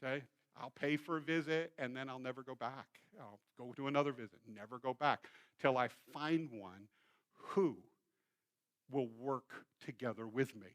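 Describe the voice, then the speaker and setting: A man, a pastor, preaching a sermon in a church and telling a story in an animated way. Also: mid-range voice, normal speed. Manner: storytelling, acts out quoted voices. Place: church sanctuary.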